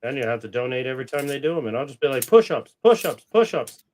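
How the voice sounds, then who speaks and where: A man's voice: mid-range voice, fairly even intonation, very fast, slight background noise. A man hosting a casual livestream, chatting and joking while he barks short, firm commands at his dogs. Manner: chatty and joking, with the odd swear. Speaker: coin-hunting livestream host.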